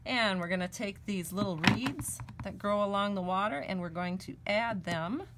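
A woman's voice: medium pitch, moderate pace, background noise. A woman hosting a live stamping and card-making demonstration at her crafting table. She talks in a chatty way and gushes over her work.

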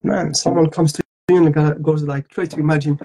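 A man's voice: a little high, little pitch movement, brisk, creaky, warm tone, slightly rough, rough recording. A man from Algeria, a voice actor chatting playfully with fans at a live autograph session and joking in several languages. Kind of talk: casual livestream chat.

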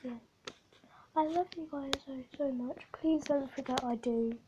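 A woman's voice: sits high, normal speed, highs cut off, background noise. A woman vlogging with her pet hamster while unwell and short of breath, often dropping to a whisper and cooing at her pet. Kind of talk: casual vlog, talking to her hamster.

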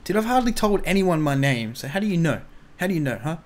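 Excitable young man, slightly high voice. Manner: jumpy, excitable, quick to panic. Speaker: roleplay player. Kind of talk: casual improvised roleplay.

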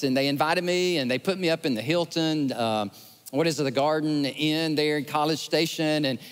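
A man preaching a sermon, telling stories in an animated, lively way. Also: on the high side. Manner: animated storytelling, acts out scenes with rising excitement. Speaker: pastor. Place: large church sanctuary. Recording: long church hall reverb.

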